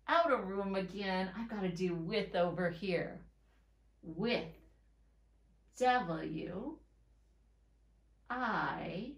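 Woman teacher for early readers; slow, letter-by-letter delivery, echoey room. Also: medium pitch. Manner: slow, sounds out letters and words one by one. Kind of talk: reading and writing lesson for young children.

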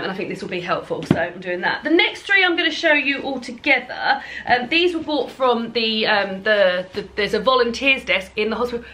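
A woman's voice: medium pitch, pushed and bright. A young woman giving a casual, rambling tour of her bookshelf, with lots of ums and restarts. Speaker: book vlogger. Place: home, at a bookshelf.

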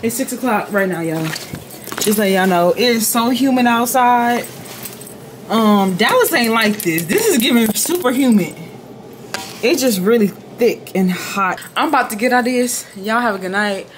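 A woman's voice: on the high side, expressive, moderate pace, background noise. Slangy young woman vlogging on a phone. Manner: playful, slangy, says "bro" and "y'all" a lot. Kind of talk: casual vlog chat. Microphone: phone held at arm's length.

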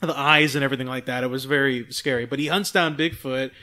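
A man's voice: medium pitch, fast talker. A man co-hosting a movie podcast, retelling a film in a rambling, profane, casual way. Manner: rambling, profane, animated retelling with quoted voices. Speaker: podcast co-host. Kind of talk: casual movie review chat.

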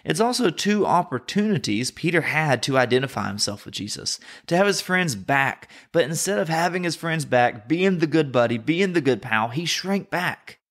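A man's voice: on the high side, big pitch swings, moderate pace, hardly any pauses, fairly bright tone. Southern American man teaching scripture. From North Carolina, USA. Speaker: podcast host and Bible teacher.

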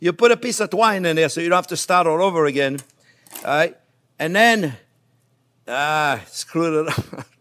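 An older man, a chef giving a chatty cooking demonstration in a kitchen, joking and laughing as he teaches. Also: fairly high pitch. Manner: animated, chatty, jokes and laughs while teaching.

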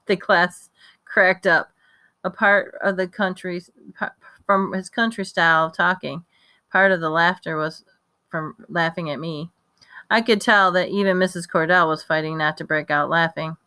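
A woman reading a children's novel aloud as a first-person narrator, lively and conversational. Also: fairly low pitch, normal speed, dry recording. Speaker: audiobook reader.

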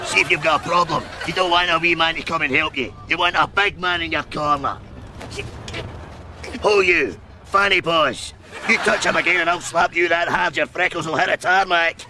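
An actor playing a boastful, aggressive Scottish hard man who talks like a pushy pitchman. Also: steady tone, normal speed, crowd noise, background noise, close to an everyday voice. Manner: bragging, aggressive, pitchman patter.

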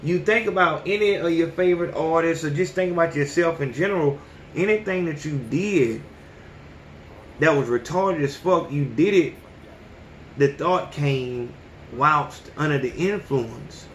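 A man in his thirties hosts a podcast, delivering a blunt, profane, casual, and preachy monologue. His voice is fairly high and a little slow, and the recording sounds roomy with a little hiss or hum.

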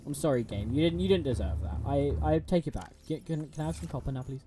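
A man's voice: on the high side, lively intonation, fast, hardly any pauses, dark tone, soft background music. A young man streaming a game, chatting to a friend, giggling and stumbling over restarts. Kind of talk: casual gameplay chat with a friend.

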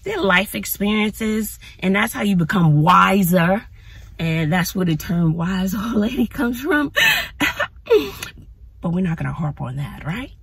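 A woman vlogging casually to her phone from her car, chatty and animated, talking to viewers as y'all. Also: mid-range voice, a little slow, creaky, breathy edge. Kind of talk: casual vlog talk to camera. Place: in or near her car outdoors in sun.

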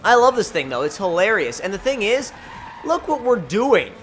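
A man giving excitable, jokey, rambling commentary while playing a racing game. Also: high-pitched, normal speed, slight background noise. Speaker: gaming channel host. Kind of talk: gameplay commentary.

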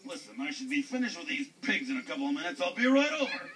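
A man's voice: on the high side, very animated, pushed and bright, distant mic, a little hiss or hum, rough recording. A man voicing a goofy, forgetful male wolf in a children's puppet show, cackling and drawing out his words. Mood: chummy. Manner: cackling, drawn-out, showy.

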